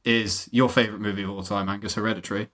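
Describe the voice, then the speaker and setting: Wry, low-voiced man. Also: steady tone, rapid-fire, a bit bright. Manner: dry, wry, sardonic. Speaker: podcast co-host. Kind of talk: casual chat.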